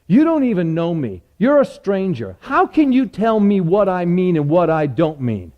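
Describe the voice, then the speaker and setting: A man's voice: high voice, very animated, moderate pace, lo-fi sound. A man doing an offended hot dog vendor. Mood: indignant. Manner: defensive, offended.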